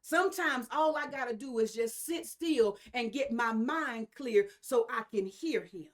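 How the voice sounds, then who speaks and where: Emphatic, fairly high-voiced woman preacher. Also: a little slow. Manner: emphatic and repetitive, with repeated phrases and asides to the congregation. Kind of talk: sermon.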